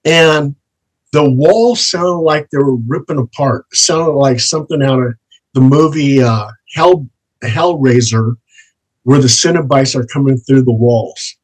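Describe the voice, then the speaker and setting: A man who investigates the paranormal, telling ghost stories slowly and dramatically as an interview guest. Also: mid-range voice, rough recording. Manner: slow, dramatic storytelling with drawn-out words. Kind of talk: storytelling in an interview.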